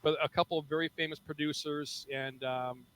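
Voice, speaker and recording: A man's voice: a little high, steady tone, fairly quick, a bit bright, low-quality recording. A male comedian guest in casual podcast chat, rambling and repeating himself as he talks. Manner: loose, rambling, repeats words.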